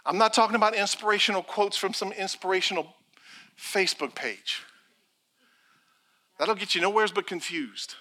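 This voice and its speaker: A middle-aged pastor with a high-pitched voice preaches a sermon at normal speed with long pauses. He's an animated storyteller, acting out the people in his stories and their quotes.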